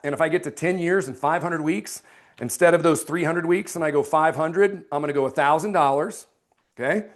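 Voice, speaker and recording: A man coaching sales technique who role-plays his closing pitch to a homeowner, dropping into a slow, low, serious tone for the close and turning energetic and emphatic when he explains it.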